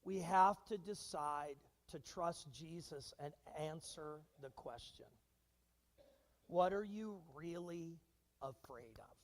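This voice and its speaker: A man preaching a sermon as pastor, animated and engaging his congregation with questions and acted-out quotes. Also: fairly high pitch, slow pace, big-room sound. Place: church sanctuary.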